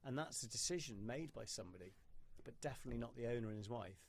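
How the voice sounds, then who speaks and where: A man hosting a podcast who tells stories in an animated way and swears freely in casual conversation. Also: medium pitch, quick pace. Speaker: podcast host.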